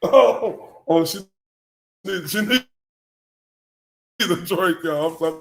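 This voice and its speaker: A man's voice: high-pitched, slow pace, vocal fry. A man hosting a casual livestream, rambling in loose slang and often breaking into laughter. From Texas. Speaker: livestream show host.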